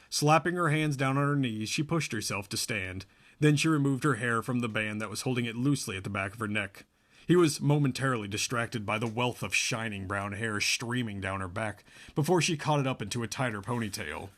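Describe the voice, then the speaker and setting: A man narrating a novel aloud in a steady, even way. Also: mid-range voice, a little fast. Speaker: audiobook narrator. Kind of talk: scripted narration.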